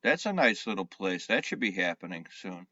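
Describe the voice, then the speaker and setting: A man co-hosting a talk show in a relaxed, laid-back manner. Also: low voice, moderate pace, no room sound. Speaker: co-host. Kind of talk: casual chat. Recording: dull dry lo-fi sound.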